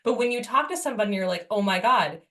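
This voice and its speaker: A woman's voice: medium pitch, expressive, rapid-fire, fairly bright tone. A woman in casual podcast chat, talking emphatically and enthusiastically and swearing casually.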